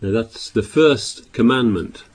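Husky and medium in pitch, this male preacher raises his volume to read scripture aloud. His explanations come out haltingly, full of restarts and repeated words.

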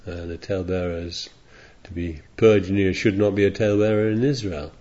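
Preacher, male: low mellow voice, rambling digressive sermon delivery, dull lo-fi recording. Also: steady tone, brisk. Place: congregation in California.

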